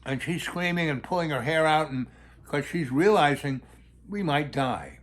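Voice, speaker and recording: A man telling a long, rambling personal anecdote in a halting way, with many restarts. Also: fairly high pitch, animated, fairly bright tone. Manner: halting, full of fillers and restarts, acts out quoted voices. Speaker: storyteller.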